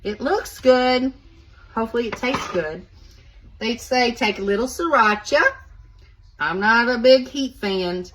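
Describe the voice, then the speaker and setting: A woman's voice: fairly high pitch, unhurried, long pauses, fairly bright tone, slight background noise, poor audio. A woman hosting a casual home cooking video, chatting to viewers as she walks them through each step.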